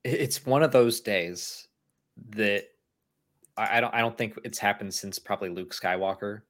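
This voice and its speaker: A man co-hosting a live stream, chatting casually, laughing often and reading out viewer messages. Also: on the low side. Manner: animated, laughs often, reads super chats aloud. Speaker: podcast co-host.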